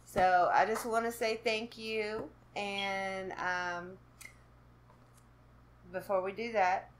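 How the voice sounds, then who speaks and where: A woman's voice: medium pitch, flat delivery, slow, slight background noise. Nervous chatty woman from Kentucky. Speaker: vlogger doing an unboxing. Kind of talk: casual chat to camera.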